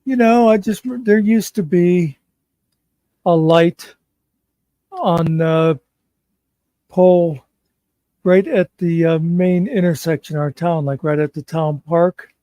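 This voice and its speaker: A man in a casual chat, talking slowly with hesitant fillers. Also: fairly high pitch, fairly even intonation, dark tone, no room sound. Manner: slow, drawn-out, with hesitant fillers.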